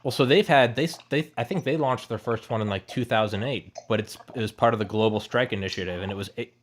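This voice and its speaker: A man's voice: mid-range voice, quick pace. A man in casual chat, eager and swearing, with lots of agreeing and restarts.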